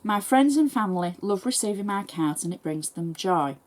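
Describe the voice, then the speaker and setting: An English woman who hosts crafting tutorials, reading viewer messages aloud in a brisk, chatty and thankful way. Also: medium pitch, lively intonation, darkish tone. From England.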